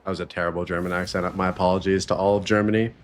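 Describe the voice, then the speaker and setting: A man's voice: sits low, flat delivery, very fast, slight background noise. A man hosting a live stream, chatting loosely and swearing freely while he plays a game and talks about his podcast. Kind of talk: casual live-stream chat while gaming.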